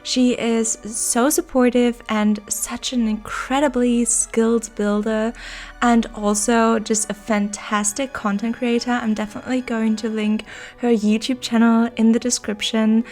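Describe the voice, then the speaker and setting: A woman's voice: on the high side, darkish tone. A woman with a stuffy, nasal voice from being sick, chatting casually and enthusiastically as a Sims builder narrating her own speed build, with plenty of filler words.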